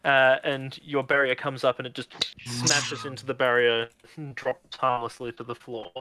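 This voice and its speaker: A man narrating as game master on a video call, describing the action in a relaxed way and laughing often. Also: mid-range voice, normal speed, background noise.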